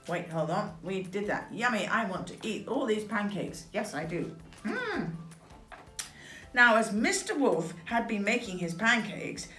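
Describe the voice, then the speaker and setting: An English woman reads a picture book aloud, playful and chatty between the lines. Her pitch moves a great deal as she goes. The voice rings in an echoey room with faint music underneath. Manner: animated, playful, with chatty asides. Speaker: storybook reader.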